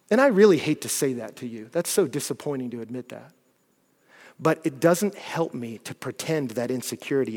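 A man preaching a sermon, animated and shifting from loud bursts to hushed, earnest passages. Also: mid-range voice. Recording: long hall reverb.

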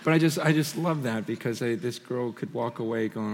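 A man preaching a sermon through personal stories, impassioned and swinging between loud and hushed, on a large hall stage. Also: medium pitch, fairly quick, slight background noise. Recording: long hall reverb.

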